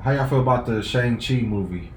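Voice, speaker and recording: A man's voice: mid-range voice, brisk, reverberant, slight background noise. A man co-hosting a casual podcast chat, easygoing and swearing casually as he lists facts. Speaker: podcast co-host.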